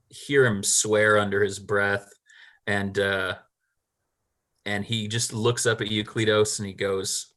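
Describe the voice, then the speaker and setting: A man's voice: lowish voice, fairly bright tone. A man narrating a tabletop game as game master, rambling with lots of fillers and small laughs.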